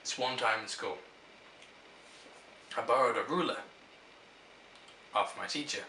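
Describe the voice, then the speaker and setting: A man's voice: mid-range voice, unhurried, sharp tone, a little hiss or hum. A young man chatting casually to camera, answering question prompts and rambling through stories with restarts. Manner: rambling, storytelling, self-interrupting. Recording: echoey room, mic at a distance.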